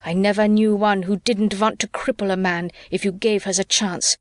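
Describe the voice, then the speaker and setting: A woman's voice: mid-range voice, steady tone, normal speed, dry recording, studio quality, lightly acted. A woman voicing a bitter, ranting drunk male soldier with a scornful, sneering delivery in an audiobook. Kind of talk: audiobook character reading.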